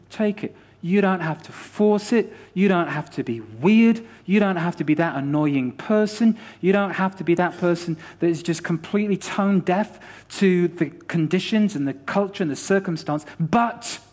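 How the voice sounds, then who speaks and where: High-voiced man preaching. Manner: animated preaching with repetition and acted-out dialogue. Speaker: pastor. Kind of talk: sermon.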